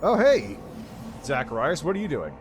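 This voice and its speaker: A man's voice: a little high, huge pitch swings, moderate pace, soft background music. A man streaming a video game, casually thinking aloud between reading dialogue. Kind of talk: let's play commentary.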